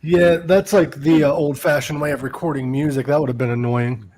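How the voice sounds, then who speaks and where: A man's voice: a little high, fairly even intonation, brisk, a little mellow, rough recording. A man hosting a podcast in a casual chat, laughing often and swearing loosely while reading fan questions. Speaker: podcast host.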